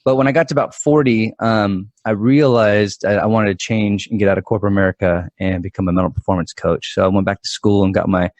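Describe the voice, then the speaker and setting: A man in his forties, a guest mental performance coach, telling stories in an animated, quick-talking way with frequent restarts. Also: fairly low pitch, no echo. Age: 40s. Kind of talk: conversational storytelling.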